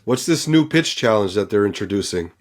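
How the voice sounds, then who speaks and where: A man's voice: lowish voice, lively intonation, a little fast. A man on a podcast, chatting casually and asking curious questions, laughing along with the others. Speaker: podcast co-host. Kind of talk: casual sports chat.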